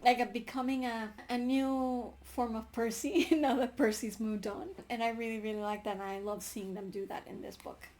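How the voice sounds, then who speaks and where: A woman's voice: a little high, little pitch movement, normal speed, hardly any pauses, darkish tone. A young woman vlogging a casual book review, gushing and laughing often, with many fillers. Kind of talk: casual book review with read-aloud passages.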